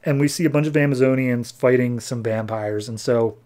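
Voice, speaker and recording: Man casually recapping comics on a podcast. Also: medium pitch. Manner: animated storyteller, acting out characters' lines in quick voices. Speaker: podcast host.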